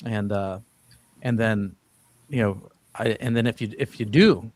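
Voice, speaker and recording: A man's voice: on the low side, unhurried, slight background noise. A man hosting a casual live-stream chat, rambling a little, restarting phrases and reading viewers' questions aloud. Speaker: host.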